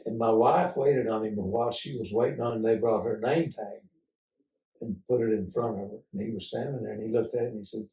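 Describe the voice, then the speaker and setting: An older man, low and mellow, recalling his past as an unhurried, folksy storyteller. He heads into his tales with frequent "uh" pauses. His voice sounds roomy and set back from the mic. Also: far from the mic. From Oklahoma. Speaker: interview guest. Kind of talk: casual storytelling interview.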